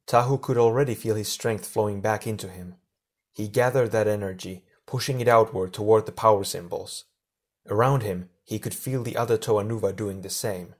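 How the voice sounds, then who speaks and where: A man narrating an audiobook chapter in a steady storytelling manner. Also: on the low side, moderate pace. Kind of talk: scripted narration.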